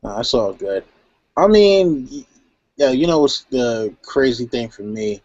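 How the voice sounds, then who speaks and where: A man's voice: medium pitch, lively intonation, unhurried, a little mellow, no echo. A man talking casually in a live chat, laid-back and rambling with "you know" and "um". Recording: dry, dull lo-fi stream audio.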